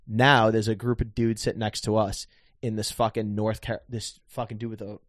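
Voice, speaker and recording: Young man, fast profane storyteller, dry close sound. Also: on the low side, level tone, dry recording. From Northeastern US. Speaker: podcast host. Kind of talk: casual chat.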